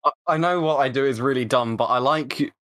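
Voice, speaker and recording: A man in a casual podcast chat who stumbles over his words and laughs readily. His mid-pitched voice is caught close and dry. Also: fairly quick, fairly bright tone, no echo. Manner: stammering restarts, laughs easily.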